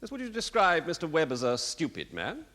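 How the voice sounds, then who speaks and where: An actor playing a defence barrister in a courtroom drama, cross-examining with incisive, sardonic questions. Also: male voice, a little high, huge pitch swings, a little fast, a bit bright, big-room sound.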